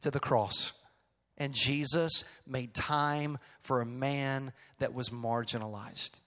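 A middle-aged male pastor telling a story in a sermon, swinging from quiet asides to loud, emphatic outbursts. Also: medium pitch, fairly even intonation, slow pace. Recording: long reverb of a large hall.

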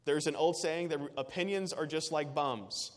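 A man's voice: a little high, normal speed, in a large hall. A man preaching a sermon as pastor, earnest and emphatic, with repetitive phrasing.

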